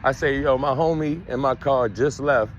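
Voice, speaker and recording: A man telling a casual storytime, animated and full of street slang, acting out the quotes. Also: mid-range voice, normal speed, muffled recording, a little hiss or hum. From Baltimore, USA. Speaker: storyteller vlogger.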